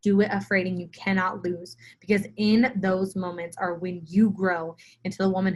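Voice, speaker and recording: A woman's voice: medium pitch, level tone, normal speed, few pauses. A young adult woman giving an emphatic motivational talk to her weight-loss group, speaking straight to the camera and repeating her key phrases. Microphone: phone or camera for a live video.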